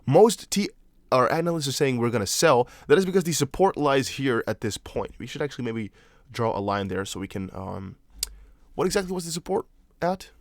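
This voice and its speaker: A young non-native English-speaking man hosts a casual crypto stream, his mid-range voice animated and brisk. He responds to viewers in loose chat marked by restarts and apologetic asides. The recording is studio quality with no echo.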